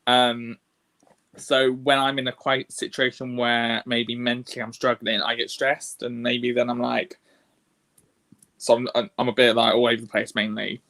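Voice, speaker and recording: A man on a casual podcast, talking frankly and hesitantly about stress, with many pauses. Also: medium pitch, level tone, pushed and bright. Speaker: podcast co-host. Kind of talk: casual chat.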